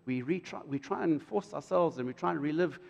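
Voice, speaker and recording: A middle-aged man preaches a sermon, his fairly high voice leaping into loud emphatic peaks. The sound rings with the long reverb of a church hall. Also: a little fast, vocal fry, lo-fi sound. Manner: animated, jumps to loud high emphasis and acts out quotes. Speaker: pastor.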